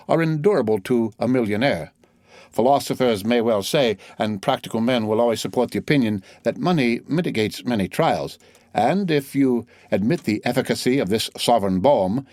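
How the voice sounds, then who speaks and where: A man voicing a suave, wealthy nobleman in an audiobook reading, speaking in a polished, gently mocking way. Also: medium pitch, no room sound, clean studio sound, close to an everyday voice. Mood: ironic. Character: suave wealthy nobleman count, ironic and poised.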